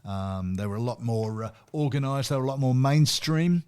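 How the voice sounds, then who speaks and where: A man's voice: medium pitch, lively intonation, normal speed, darkish tone, clean tone. Anecdotal man presenting a music segment. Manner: anecdotal, chuckles at his own stories. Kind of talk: casual radio chat.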